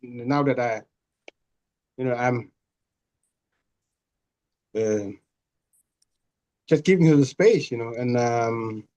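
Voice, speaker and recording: A man in a group video call, speaking hesitantly with many pauses and restarts. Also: medium pitch, warm tone. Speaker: group participant.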